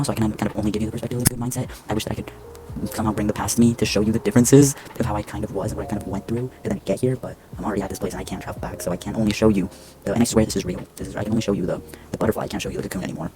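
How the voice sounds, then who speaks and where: A man's voice: on the low side, steady tone, racing. A young man vlogging to camera indoors at home, rambling and swearing, with lots of fillers and restarts. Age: young adult. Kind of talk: casual rambling talk to camera.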